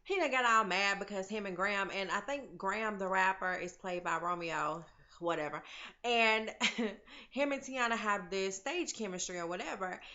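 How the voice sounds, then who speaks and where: Woman doing a tv recap, bright voice, lively, acts out the lines, kinda muffled audio. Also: medium pitch, moderate pace. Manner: animated, chatty, acts out characters' lines. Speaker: TV recap vlogger. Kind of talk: casual TV recap chat. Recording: slightly dull lo-fi audio.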